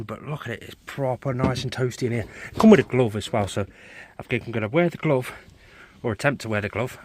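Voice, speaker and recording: A man, chatting excitably to a handheld camera while vlogging outdoors in a forest at night. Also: medium pitch, slightly rough. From England. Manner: excitable, chatty, laughs often. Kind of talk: casual vlog narration.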